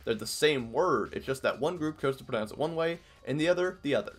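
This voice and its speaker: A man's voice: mid-range voice, animated, quick pace. A man from Iowa, narrating an educational video in a casual, joking way. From Iowa, US Midwest. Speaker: video essay host. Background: faint background music.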